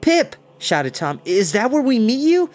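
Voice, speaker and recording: A man's voice: sits high, sing-song, moderate pace, voice pushed up. A man voicing a frightened young boy who calls out urgently and pleads. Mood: urgent, pleading.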